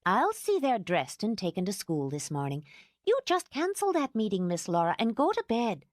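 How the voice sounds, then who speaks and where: A woman's voice: medium pitch, huge pitch swings, moderate pace, no echo, clean studio sound, pitched above the performer's own voice. A woman reading an audiobook, voicing a fierce, protective older housekeeper who talks indignantly and fusses. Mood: fussing. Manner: indignant, fussing.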